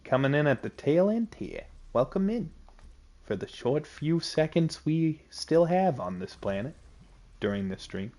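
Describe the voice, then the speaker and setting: A man's voice: a little high, unhurried. A man live-streaming a video game from home at a desk mic, talking casually, joking and laughing often. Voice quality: laughs often, jokey and animated.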